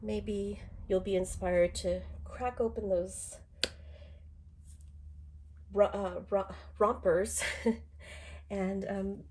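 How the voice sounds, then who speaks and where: A woman's voice: medium pitch, steady tone, drawn-out words, pauses often, a little mellow, a little hiss or hum. A middle-aged woman with a cold, chatting on a live stream in a rambling way full of fillers and restarts, sounding congested. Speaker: doll collector streaming live. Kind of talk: casual live-stream chat.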